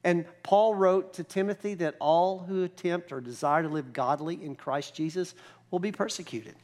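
Man, pastor, sermon, high voice, conversational, emphatic scripture quotes. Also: normal speed, darkish tone. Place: church.

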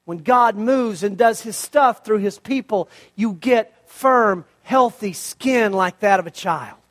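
A man giving a sermon, telling a story in a lively way with rhetorical questions and casual asides. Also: high-pitched, takes it slowly. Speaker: pastor.

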